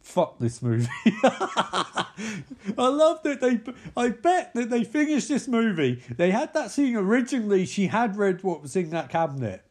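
A man's voice: high voice, sing-song, measured pace. Sweary sarcastic man. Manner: sweary, mocking, with exasperated sighs. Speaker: film reviewer. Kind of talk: sarcastic film recap commentary.

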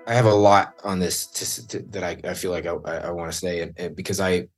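A man's voice: low voice, steady tone, fast talker, over music. A man in casual podcast talk, blunt and swearing, who gets heated when he acts out what he said back then. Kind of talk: casual chat.

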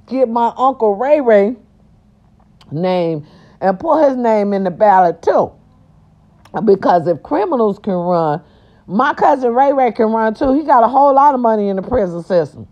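A woman's voice: mid-range voice, normal speed. An older woman from the South, ranting brashly to her vlog viewers and growling now and then. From American South. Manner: animated and brash, growls and breaks into song. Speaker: vlog host. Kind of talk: casual rant to viewers. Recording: dull lo-fi audio.

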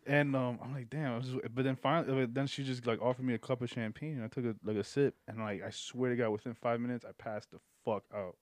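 A man's voice: mid-range voice, steady tone, fast, few pauses, dry recording. Young man telling a rambling story, dry. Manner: rambling, profane, laughs mid-story. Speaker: podcast guest. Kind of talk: casual storytelling.

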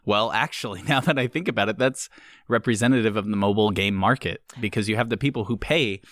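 A man's voice: lowish voice, quick pace, no room sound, clean studio sound. Joking man in casual podcast chat. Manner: animated, joking, acts out quotes. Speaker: podcast co-host.

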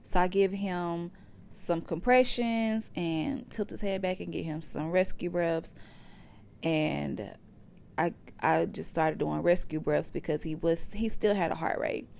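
Gravelly low-voiced woman sharing her story. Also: a little slow, darkish tone. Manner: conversational, addresses listeners as y'all. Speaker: podcast host. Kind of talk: personal storytelling to listeners. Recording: faint background hiss.

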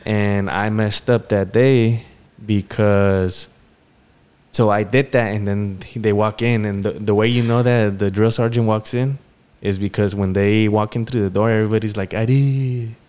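A man co-hosting a podcast, telling a story in a relaxed, rambling way with many fillers. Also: on the low side, normal speed, clean tone. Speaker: podcast co-host. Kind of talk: casual storytelling chat.

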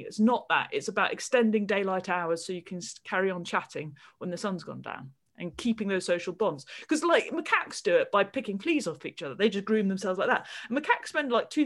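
A woman, co-hosting a podcast and explaining ideas with animated enthusiasm in casual chat. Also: mid-range voice. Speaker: podcast co-host.

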